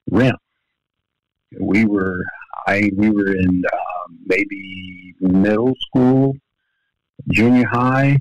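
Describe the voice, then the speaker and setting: Here an older former basketball player and coach from Louisiana takes his time telling stories in a podcast interview, often restarting and using fillers. His pitch is fairly low with vocal fry. It's captured in a home office as dull, lo-fi, dry remote audio without room sound.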